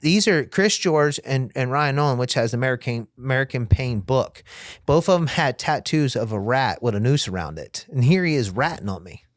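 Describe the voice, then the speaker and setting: A man's voice: mid-range voice, lively intonation, normal speed, no room sound, clean studio sound. Profane man telling a wild story. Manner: profane, vivid storyteller acting out quoted dialogue. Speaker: podcast guest. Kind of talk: casual storytelling interview.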